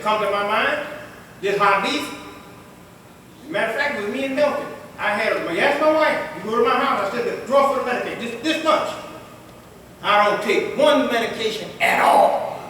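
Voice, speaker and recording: Man preaching a sermon, very high voice, sharp tone, loud and soft by turns, frequent laughter, echoey hall, distant mic. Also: a little hiss or hum. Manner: lively preaching that swings between loud and quiet; laughs often while telling stories. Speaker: imam. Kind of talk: Friday sermon. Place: mosque prayer hall.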